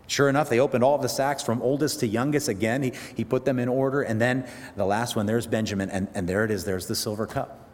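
A man preaching a sermon, retelling a Bible story with animated, halting storytelling that swells loud at the dramatic moments. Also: mid-range voice. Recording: long hall reverb.

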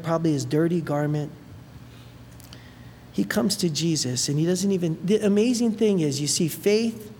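A preacher giving an animated sermon, retelling a Bible story with many asides and fillers. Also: mid-range voice. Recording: long hall reverb, faint noise.

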